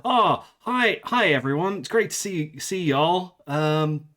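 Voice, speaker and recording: A man's voice: animated, slow, a bit bright. A man voicing an overly friendly teenage girl working in a shop, with a put-on American accent and a stammer. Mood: chirpy. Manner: chirpy, raised pitch, stammering.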